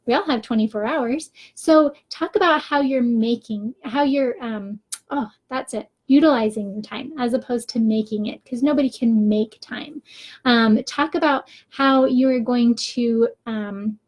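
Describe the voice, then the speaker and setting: A woman's voice: on the high side, unhurried. A woman coaching viewers in a chatty, upbeat live video, with frequent ums and small laughs. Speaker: faith-based business coach.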